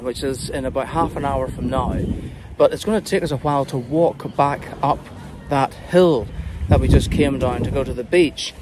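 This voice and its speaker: A man vlogging as he walks outdoors, chatting and pointing things out along the way. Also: on the high side. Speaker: travel vlogger. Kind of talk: walking tour commentary. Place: outdoors, on a beach and vineyard paths. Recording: outdoor noise behind the voice.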